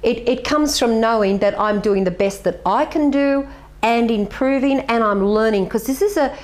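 A woman's voice: a little high, normal speed. Earnest woman, middle-aged. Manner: earnest, animated storyteller. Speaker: martial arts master being interviewed. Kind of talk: reflective interview answers.

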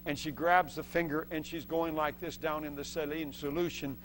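A man preaching a sermon as a testimony, telling a story with lively acted-out voices and laughs between points. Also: on the high side, normal speed, slight background noise. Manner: acts out voices in the story and shouts the excited parts.

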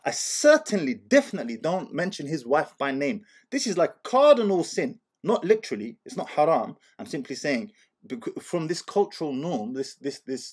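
A man from Algeria hosting, who talks in casual commentary, asks rhetorical questions and acts out quotes as an animated storyteller. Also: fairly high pitch, moderate pace, slightly rough. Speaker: host.

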